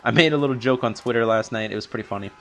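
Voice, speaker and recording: A man's voice: mid-range voice, rapid-fire, a bit bright, a little hiss or hum. A young man recapping a TV episode in a long, rambling unscripted review, full of fillers and restarts. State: a little out of breath from long talking.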